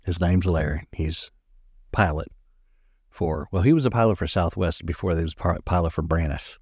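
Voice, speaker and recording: A man's voice: deep voice, normal speed, darkish tone, husky, dry recording, studio quality. A man in casual podcast chat, joking and laughing often.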